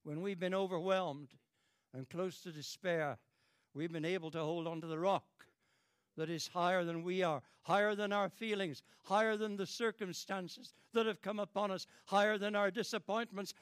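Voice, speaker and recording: A man's voice: fairly even intonation, normal speed, fairly bright tone, smooth, no room sound, clean studio sound. An older British man preaching a fervent sermon, repeating phrases and swelling in emotion. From Britain. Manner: fervent, repetitive, dramatic rises in pitch and volume.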